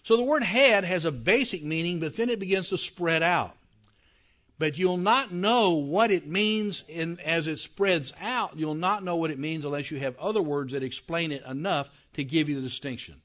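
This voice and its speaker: On the high side and a bit bright, this male Bible teacher gives a conversational class lecture. He often checks that his listeners are following and slows down on key words to stress them.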